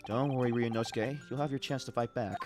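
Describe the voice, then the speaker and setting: A man voicing a calm, measured young male lawyer in a video game, speaking low and quiet. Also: faint music behind, close to an everyday voice.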